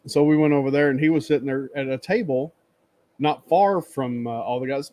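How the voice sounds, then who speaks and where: Male livestream host, mid pitch, rambling storyteller who laughs a lot and acts out greetings, webcam sound. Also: brisk, warm tone, no room sound. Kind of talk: casual chat. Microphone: webcam stream setup.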